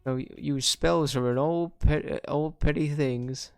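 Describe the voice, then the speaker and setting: A man voicing a bitter, distrustful old man in a video game, ranting gruffly and calling the listener youngster. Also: a little high, fairly even intonation, measured pace, no room sound, faint music behind, voice pushed up. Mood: grumbling.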